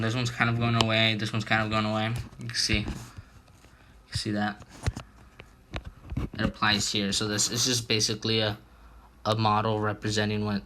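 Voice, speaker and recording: A young man giving a casual, halting chemistry explainer as a student presenter, with fillers and restarts. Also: medium pitch, bright, forceful tone, a little hiss or hum.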